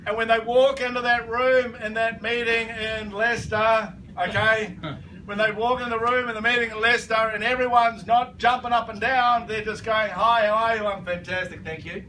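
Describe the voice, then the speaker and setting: A man with a fairly high voice leads a business training session in front of a live audience. He is emphatic and repetitive, and he keeps asking the room to confirm they agree. The recording picks him up from a distance, with a noisy room behind him. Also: little pitch movement, moderate pace, pushed and bright. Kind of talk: motivational training talk.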